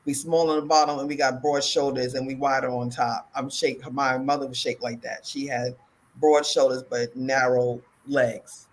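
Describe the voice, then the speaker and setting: Talk-show woman, lively storyteller, speaks, voice climbs high in quotes. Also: moderate pace, rough recording. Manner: animated storyteller, acts out quotes loudly. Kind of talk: casual chat.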